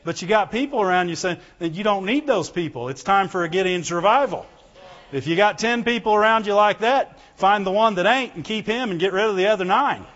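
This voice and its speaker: A high-voiced man preaches a fervent sermon, calling out to his congregation for amens. His voice rings through a long, echoing hall. The recording sounds dull and lo-fi. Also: lively intonation, brisk, a bit bright. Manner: fervent, calls out for amens and glory to God; reads scripture aloud in old biblical wording. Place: church hall before a congregation.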